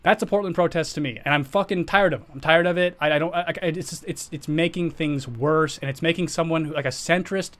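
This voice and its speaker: A man's voice: on the high side, quick pace, hardly any pauses, fairly bright tone. A man co-hosting a casual podcast, ranting heatedly about politics with profanity and frequent restarts. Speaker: podcast co-host.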